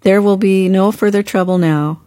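A man's voice: high voice, fairly even intonation, moderate pace, warm tone, dry recording, studio quality, natural voice. A woman reading the lines of a devout father in an audiobook, speaking fervently. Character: devout father, a grown man.

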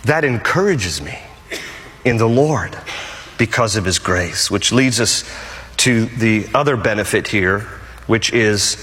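A man's voice: fairly low pitch, animated, unhurried, fairly bright tone, long reverb tail. A male pastor preaching a sermon emphatically and repeating his key phrases.

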